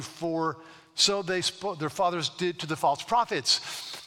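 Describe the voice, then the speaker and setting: Bright-voiced male pastor preaching in a hall. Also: fairly high pitch. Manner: earnest preaching, slows for emphasis, repeats words. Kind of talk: sermon. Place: church sanctuary. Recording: long hall reverb.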